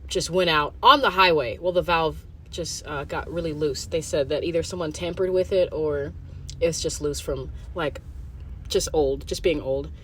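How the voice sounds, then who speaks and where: Rambling, profane woman podcaster, lowish voice. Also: moderate pace, a bit bright, slight background noise. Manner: rambling and profane, full of fillers. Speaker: podcast host. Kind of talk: casual solo monologue.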